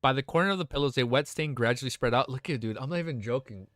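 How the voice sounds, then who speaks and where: Streaming live, a young man reads from a novel and responds to it casually and emotionally, cursing and often crying out "dude." He speaks at a racing pace in a medium-pitched, slightly bright voice, captured in a dry, clean studio recording.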